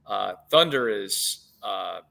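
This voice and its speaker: A man in his late thirties with a low, gravelly voice that still has a bright, forceful edge. He is a head coach chatting easily in an interview and piling up fillers and restarts as he tells his stories. He sounds like he is on a video call. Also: lively intonation, slow. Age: 30s. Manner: easygoing storyteller, many fillers and restarts. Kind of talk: casual interview chat.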